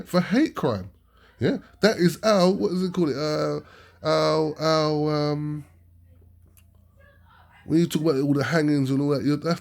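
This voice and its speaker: A man giving a ranting weekly news commentary as a preacher, animated and full of rhetorical questions like "yeah?". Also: mid-range voice, husky.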